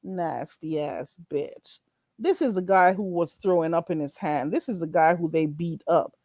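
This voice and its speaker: A woman's voice: lowish voice, a little fast, darkish tone, no room sound. A woman hosting her own livestream, ranting bluntly and mockingly at a viewer. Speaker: channel host. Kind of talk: livestream rant.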